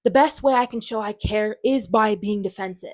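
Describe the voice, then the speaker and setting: A woman's voice: medium pitch, moderate pace. A woman talking to her viewers in an unscripted vlog, defensive and frustrated, rambling with lots of fillers. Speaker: channel owner.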